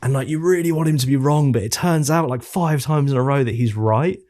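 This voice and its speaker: A man co-hosting a casual game-review podcast, telling stories in an animated, exasperated way. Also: medium pitch, brisk. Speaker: podcast co-host. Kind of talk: casual chat.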